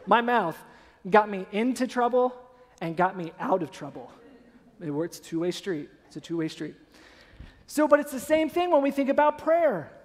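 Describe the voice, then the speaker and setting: A man, a pastor, preaching a sermon with animated storytelling, acting out scenes. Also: extremely high pitch, in a large hall. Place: church sanctuary.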